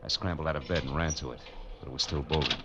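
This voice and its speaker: Philip Marlowe, deep-voiced wry private eye. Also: male voice, steady tone, fast talker, sharp tone, a little hiss or hum. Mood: narrating. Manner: dry, wisecracking, soothing to others. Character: hard-boiled male private eye, wry, tough. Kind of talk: 1940s radio drama acting with first-person narration. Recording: lo-fi vintage radio broadcast with music.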